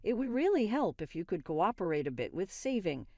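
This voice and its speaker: A woman narrating a first-person family story in a steady, scripted way. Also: medium pitch, a little fast, dry recording, studio quality.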